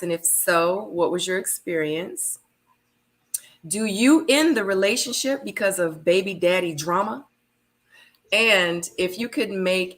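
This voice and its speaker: A woman hosting a live online panel show, chatty and laughing often, her voice a bit tired and low. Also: a bit bright. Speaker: host.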